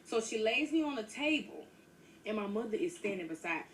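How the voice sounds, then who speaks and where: A woman's voice: a little high, lively intonation, a little fast. A woman telling a personal story in casual storytime narration, chatty and talking straight to her listeners. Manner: chatty, addresses listeners as y'all. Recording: distant mic with faint noise.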